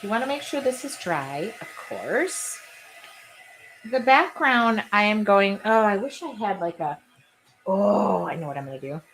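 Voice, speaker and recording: A woman's voice: mid-range voice, lively intonation, measured pace, fairly bright tone, slight background noise. A woman with a drawl talks her way through a live craft session. Her chat wanders from topic to topic as she cuts and paints, and she reads her viewers' comments aloud. She laughs easily and keeps it all casual. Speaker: art journaling host. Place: home art studio with air conditioning running.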